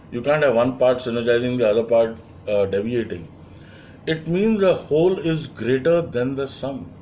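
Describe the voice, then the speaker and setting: A man's voice: medium pitch, darkish tone, a little hiss or hum. A man lecturing as a leadership trainer, emphatic and repeating key phrases, with frequent fillers.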